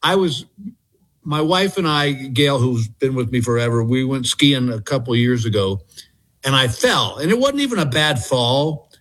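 A man in his sixties, from Texas, a comedian guest telling stories in a relaxed, chatty way, with filler pauses as he calls in. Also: mid-range voice. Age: 60s. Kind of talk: casual interview chat, storytelling. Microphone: calling in by phone.

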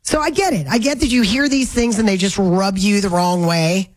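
A woman from Northern Florida hosting a talk radio show, chatting in a casual, opinionated way with lively exclamations. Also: medium pitch, normal speed, poor audio. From Northern Florida, USA. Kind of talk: casual on-air banter.

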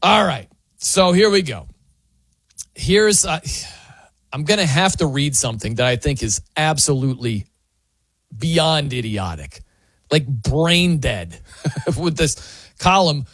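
A man's voice: on the high side, takes it slowly, long pauses, no echo. Incredulous man, dry close mic. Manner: incredulous, mocking, animated reading. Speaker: sports commentary host. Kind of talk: opinionated sports talk monologue.

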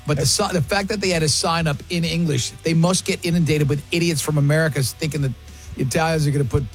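A man's voice: on the high side, fairly even intonation, fast talker, soft background music. A man hosting a radio talk show, chatting casually in an emphatic, opinionated way with plenty of restarts. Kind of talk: casual morning-show banter.

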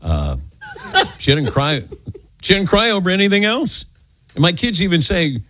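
A man's voice: a little high, wildly swooping pitch, moderate pace, no room sound. An older man hosting a call-in radio show, chatty and self-deprecating as he tells stories.

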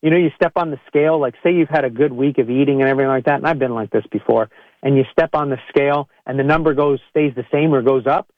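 This time the man talks fast at a medium pitch, still a chiropractor addressing podcast listeners in an easygoing monologue. Quoted people get acted out in a raised voice, and the sound is thin and tinny without any room ambience.

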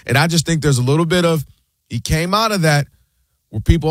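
A man hosting a casual sports talk show, talking with animated energy, repeating words and acting out how fans react. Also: fairly high pitch, fairly quick, no echo.

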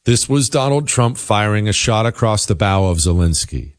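A man's voice: on the low side, expressive, moderate pace, few pauses, dry recording, clean studio sound. A man hosting a political commentary show, talking in an emphatic, insistent, conversational monologue.

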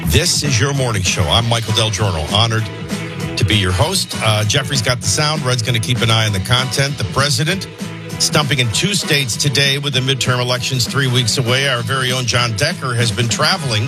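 A man's voice: medium pitch, fairly quick, over music. A middle-aged man hosting a morning talk radio show, delivering opinionated news commentary in a conversational way with many fillers. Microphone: studio microphone.

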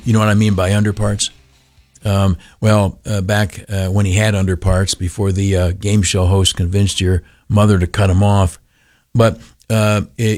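A man's voice: lowish voice, darkish tone. A man hosting a talk radio show, telling a rambling, folksy story with lots of fillers and acted-out voices. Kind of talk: casual talk radio monologue.

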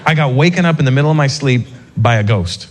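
A man from North America doing stand-up comedy, telling a story in an animated, self-mocking way. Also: mid-range voice, fast talker.

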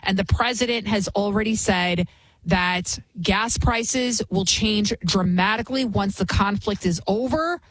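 A woman's voice: medium pitch, unhurried, no room sound. A woman hosting a show, giving fervent, emphatic political commentary and often restarting her sentences. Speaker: talk show host.

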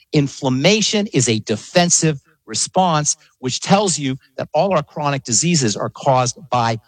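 Husky, emphatic male pharmacist guest. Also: medium pitch, no room sound, poor audio. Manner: emphatic, passionate explaining. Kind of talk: radio interview.

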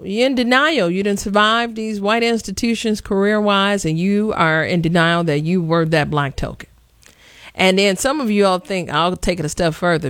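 A sassy, blunt woman hosting a call-in radio show, speaking. Her voice is dry and close on the studio mic, with an ordinary mid pitch. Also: a bit bright, dry recording. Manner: sassy, blunt, presses callers hard. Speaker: radio talk show host.

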